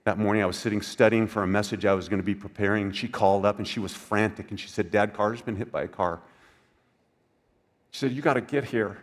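An older man preaching a sermon in a conversational way. He asks the listeners questions and drops into soft, quiet passages. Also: lowish voice. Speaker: pastor.

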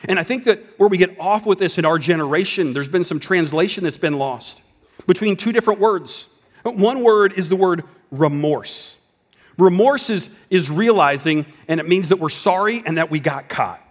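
A man preaching a sermon in a conversational style, dropping at times to a hushed voice for emphasis. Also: sits high, lively intonation, normal speed, in a large hall. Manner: conversational preaching with dramatic drops to a whisper. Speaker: pastor.

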